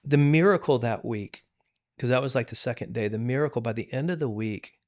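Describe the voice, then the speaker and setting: A middle-aged man, a pastor, tells a personal story as a podcast guest. His voice sits in a plain middle pitch. He speaks earnestly and often restarts his sentences. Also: fairly quick, darkish tone. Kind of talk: candid testimony in conversation.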